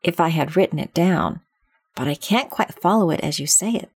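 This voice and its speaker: A woman's voice: lowish voice, lively intonation, moderate pace, slightly rough, no echo, studio quality. A woman doing a polite curious young girl.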